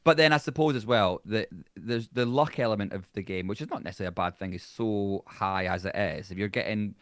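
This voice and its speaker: A man with a Scottish accent chatting bluntly as a podcast guest, swearing freely and animated. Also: on the low side, fairly quick, no echo, studio quality. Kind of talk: casual chat.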